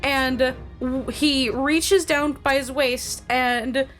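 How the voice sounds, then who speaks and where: A woman's voice: high voice, fairly even intonation, extremely slow, soft background music. A woman running a tabletop game, narrating casually with lots of "like" and "uh". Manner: casual, many fillers like "like" and "uh". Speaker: game master.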